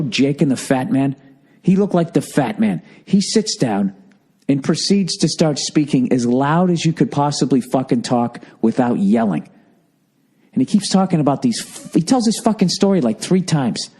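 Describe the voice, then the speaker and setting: A man's voice: mid-range voice, warm tone. A man with an American accent, ranting in a profane, exasperated comic monologue, talking to listeners. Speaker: comedian.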